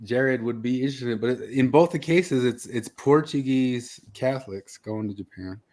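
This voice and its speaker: A man hosts a casual podcast chat, wandering through his points with plenty of fillers and restarts. His voice sits at an ordinary middle pitch. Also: moderate pace, a little mellow. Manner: rambling, many fillers and restarts.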